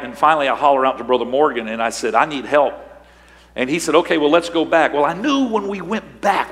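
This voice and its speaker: An older male pastor preaching a sermon, telling a story and building to shouted emphasis. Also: mid-range voice. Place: large church sanctuary. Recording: long hall reverb.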